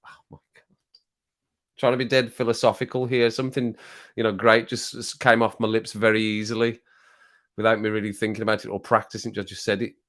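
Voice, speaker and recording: A man's voice: fairly low pitch, little pitch movement, fairly quick, pauses often, fairly bright tone. Rambling, cursing man chatting to viewers. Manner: rambling, swearing, laughing often. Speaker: livestream host. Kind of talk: casual chat with live viewers. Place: home streaming setup. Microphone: desk microphone.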